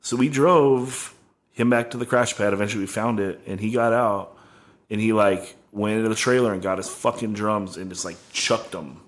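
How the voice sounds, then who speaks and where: A man's voice: fairly low pitch, moderate pace. A man in casual podcast chat, rambling through a tour story with constant "like" fillers.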